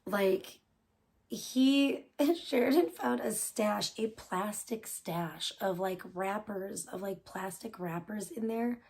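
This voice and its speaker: A woman's voice: medium pitch, slow, a little mellow, husky. A young woman chatting casually on a late-night livestream, rambling with lots of fillers and casual swearing. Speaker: live streamer.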